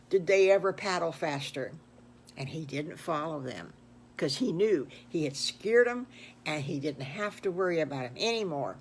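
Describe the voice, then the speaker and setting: A woman's voice: medium pitch, slight background noise. An older woman telling an improvised children's story in a folksy, exclamatory way. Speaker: grandmother storyteller.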